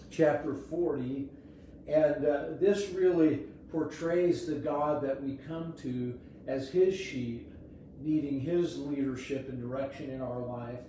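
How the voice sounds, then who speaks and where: A middle-aged man delivers a devotional sermon in an earnest, gentle way, stumbling over the odd word and filling pauses with "uh." His voice is warm and mellow. It rings around a very echoey room, picked up from a distance. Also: fairly high pitch, slight background noise. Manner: earnest, gentle preaching with frequent "uh" fillers and repeated words. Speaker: pastor.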